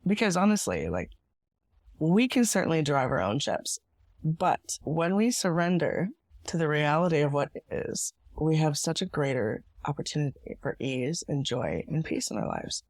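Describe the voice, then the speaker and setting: A woman hosting her own podcast, talking in a reflective, earnest way with a hoarse, gravelly voice from being sick. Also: deep voice, a little mellow, dry recording. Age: adult parent. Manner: reflective and earnest, with small laughs. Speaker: podcast host. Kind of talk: solo podcast monologue.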